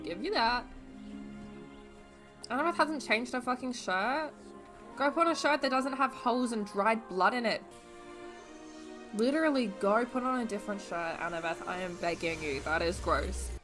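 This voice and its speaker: A young Australian woman reacting to films, exasperated and swearing as she yells at the screen. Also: a little high, animated, normal speed, music in the background. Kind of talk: casual reaction commentary. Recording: film audio playing behind.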